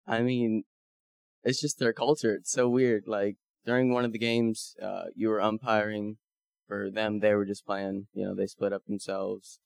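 A man's voice: fairly low pitch, moderate pace, vocal fry, no room sound. A man casually telling a group about a mission trip, acting out the people he quotes. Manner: animated, acts out quoted dialogue. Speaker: mission trip member sharing photos.

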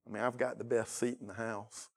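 A man's voice: medium pitch, flat delivery, a little fast. Man preaching a story-driven sermon. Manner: emotional storytelling, rising to urgent questions. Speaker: pastor. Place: church sanctuary.

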